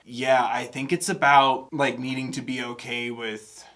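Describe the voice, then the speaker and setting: Young male reaction host, casual rambling commentary, average pitch. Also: flat delivery, measured pace, few pauses, a bit bright. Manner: rambling, thinking aloud with many fillers and restarts.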